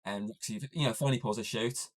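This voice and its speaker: Man, podcast host, lowish voice, casual film recap, rambling, lots of fillers. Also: fast. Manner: rambling, heavy use of "obviously" and "like". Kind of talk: casual movie recap chat.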